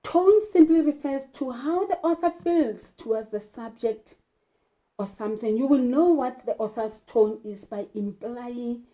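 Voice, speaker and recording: Slow, emphatic woman teacher. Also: fairly high pitch, warm tone. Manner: slow, emphatic, asks rhetorical questions. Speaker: English teacher. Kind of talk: classroom lesson.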